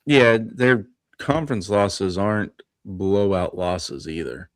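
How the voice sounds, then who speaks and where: A man with a fairly low voice talks college hoops on a casual live show. He rattles off scores and losses in quick lists and laughs easily. The sound is dry and close to the mic. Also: no room sound. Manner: runs through stats in quick lists, laughs often. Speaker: podcast co-host. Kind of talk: casual sports talk.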